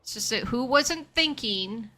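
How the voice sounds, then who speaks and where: A woman's voice: fairly high pitch, expressive, unhurried, bright, forceful tone. A woman streaming a game live, chatting casually with her viewers and talking herself through what she is doing. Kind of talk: casual live-stream chat while playing.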